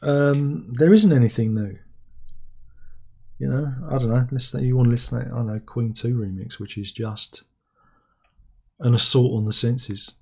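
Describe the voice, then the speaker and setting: A man's voice: mid-range voice, fairly even intonation, moderate pace, gravelly, long pauses, mellow, breathy edge. A man hosting a casual livestream, reading out viewer comments with wry, rambling asides. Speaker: livestream host.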